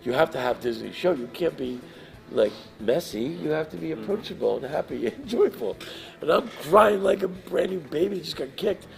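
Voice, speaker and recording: A man telling a story to a live audience, animated and emotional, swinging from hushed to loud. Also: on the high side, moderate pace, vocal fry, faint music behind. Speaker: guest storyteller.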